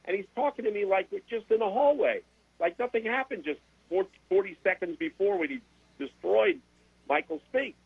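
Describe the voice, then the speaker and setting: An older man, a sports broadcaster and guest, telling animated stories in a casual interview and repeating words as he goes. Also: high voice, normal speed, gravelly, husky, dry recording. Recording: dry, tinny phone-like sound.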